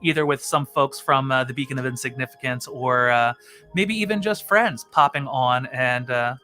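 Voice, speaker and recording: A man's voice: medium pitch, moderate pace, soft background music. A man hosting his own live stream, chatting casually with many "uh" fillers. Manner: chatty, frequent "uh" fillers, relaxed.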